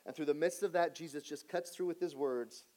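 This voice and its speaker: Male pastor, earnest sermon delivery, voice slightly high for a man. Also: fairly quick. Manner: earnest, shifts between lively asides and hushed emphasis.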